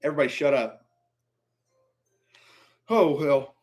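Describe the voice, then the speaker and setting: A man with a high-pitched voice rants through a live draft reaction stream. He mutters low and grumbling, then bursts out louder in exasperation. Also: animated, unhurried. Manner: exasperated ranting, swings from muttering to outbursts.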